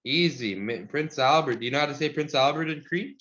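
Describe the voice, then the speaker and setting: A man teaching a language lesson over a video call, relaxed and encouraging, laughing often. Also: on the high side, brisk, lo-fi sound, a little hiss or hum.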